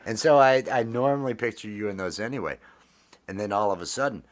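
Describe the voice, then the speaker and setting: A man's voice: on the low side, a little fast. A man hosting a casual chat, talking in a rambling, affectionate way with many fillers and restarts. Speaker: host.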